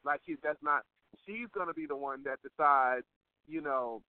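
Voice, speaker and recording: A man's voice: fairly high pitch, normal speed, no echo. A man co-hosting a podcast, chatting in an opinionated, casual way with many fillers. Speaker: podcast co-host. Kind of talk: casual chat. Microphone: phone call. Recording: tinny phone-line sound.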